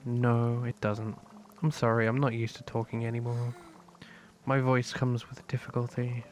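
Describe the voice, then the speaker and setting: A man voicing a mysterious ancient spirit, reading game dialogue in a quiet, hesitant, halting way over game music. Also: medium pitch, little pitch movement, a little hiss or hum, close to an everyday voice. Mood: hushed, hesitant.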